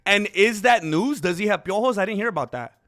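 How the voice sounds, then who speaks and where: A man hosting a casual livestream, chatting in a rambling, excitable way and calling viewers dude and bro. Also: sits high, a little fast. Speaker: streamer host.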